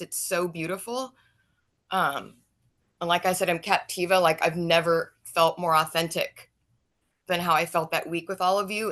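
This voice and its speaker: A woman on a group video call giving an emotional, earnest, halting thank-you. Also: fairly low pitch, a bit bright. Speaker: guest on a support call.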